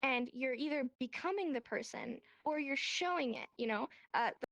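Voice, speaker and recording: Brief: woman, high pitch, dry close sound, animated class teacher acting out examples. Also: moderate pace, no room sound. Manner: animated, acts out examples in voices. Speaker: sign language teacher. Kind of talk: casual online class explanation. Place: VR chat room.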